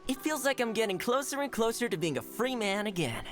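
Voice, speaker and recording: Give me a relaxed, friendly young man longing to get out, with game music. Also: very high voice, fairly quick, exaggerated voice. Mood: wistful. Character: easygoing young man stuck in hiding.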